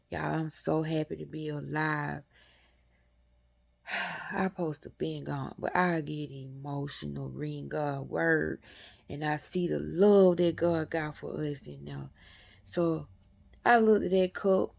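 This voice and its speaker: A woman's voice: low voice, gravelly, darkish tone. A woman hosting a metaphysics channel, giving a casual, colloquial spiritual talk and calling her viewers y'all.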